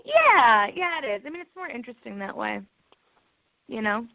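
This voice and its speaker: A woman's voice: fairly high pitch, very animated, normal speed, gravelly, dry recording. A woman in her thirties, a comedian guest, chatting and telling stories in a casual interview. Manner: chatty, laughing storyteller. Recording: dull lo-fi dry podcast audio.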